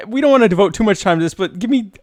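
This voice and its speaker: A man's voice: high-pitched, expressive, darkish tone, dry recording. Dry-sounding man hosting a podcast. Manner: quick agreeing interjections, joking. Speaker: podcast host. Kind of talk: casual podcast conversation.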